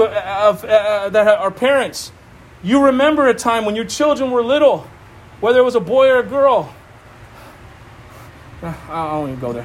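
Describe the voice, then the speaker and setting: A man preaching a sermon as pastor, excitable and laughing often, with stammering restarts and congregants addressed by name. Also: high voice, a little hiss or hum.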